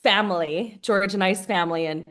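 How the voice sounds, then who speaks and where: A woman's voice: mid-range voice, moderate pace, fairly bright tone. A woman leading a sales team, talking on a group video call in an effusive, chatty way, with many fillers and restarts. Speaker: team leader of a sales business.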